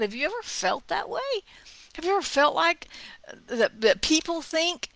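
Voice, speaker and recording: Bright-voiced woman giving a heartfelt devotional talk. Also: very high-pitched, big pitch swings, normal speed, gravelly, no room sound. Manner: heartfelt, drops to a hushed whisper for emphasis; conversational, with asides and small laughs. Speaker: devotional speaker.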